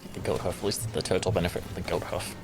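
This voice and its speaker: A man's voice: low voice, steady tone, very fast. A young man chatting casually while gaming, laid-back as he explains game mechanics. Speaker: gamer. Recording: music playing behind.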